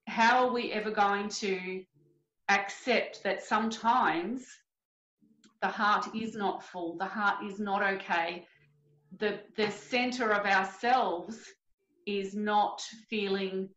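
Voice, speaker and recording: A woman's voice: mid-range voice, fairly bright tone. Australian woman host, roomy lo-fi sound. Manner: earnest, reflective, talks in long flowing sentences. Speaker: podcast host and coach. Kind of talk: podcast interview. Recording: roomy, dull lo-fi audio.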